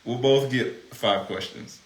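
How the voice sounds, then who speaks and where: A man in casual live-stream chat, joking and animated as he runs a quiz game. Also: medium pitch, measured pace. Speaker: vlogger co-host, quiz asker. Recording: echoey room with faint noise.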